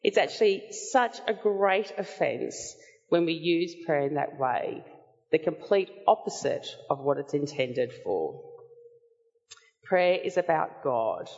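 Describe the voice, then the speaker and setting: A woman gives a sermon at an unhurried pace, earnest and measured as she teaches. Her voice carries through a hall with a long, trailing reverb. The recording sounds slightly dull. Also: deep voice, animated, darkish tone. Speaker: preacher.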